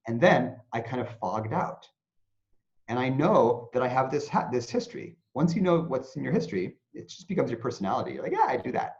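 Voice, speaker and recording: A man, an interview guest who teaches mindfulness, explaining in an animated way and acting out anxious inner voices. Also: mid-range voice, brisk. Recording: dull lo-fi sound.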